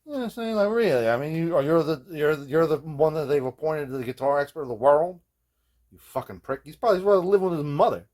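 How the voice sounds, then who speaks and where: A man talks through a guitar fix in a loose, rambling way, swearing freely and tossing in "man" and "you know what I mean" constantly. His pitch swings animatedly, and he often laughs at his own jokes. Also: expressive, fast talker, darkish tone. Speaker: host of a guitar repair video journal. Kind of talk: casual hands-on workshop chat.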